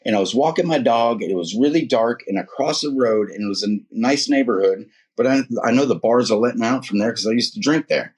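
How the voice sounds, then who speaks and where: A man's voice: medium pitch, a little fast, hardly any pauses, breathy edge. A man sharing his faith testimony in a casual, emphatic storytelling way, slangy and fond of repeating himself. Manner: slangy and emphatic, repeats words, calls listener "man" and "dude".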